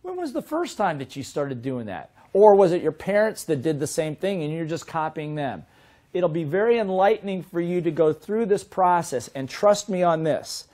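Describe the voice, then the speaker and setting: A middle-aged man teaching a sales seminar in a lively way, often asking his listeners questions. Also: a little high, normal speed. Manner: lively, asks the audience questions. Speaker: sales trainer.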